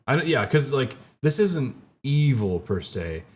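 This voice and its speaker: A male podcast co-host with an easygoing, curious manner and very animated intonation. He asks questions and laughs along at an ordinary middle pitch. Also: unhurried. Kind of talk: casual chat.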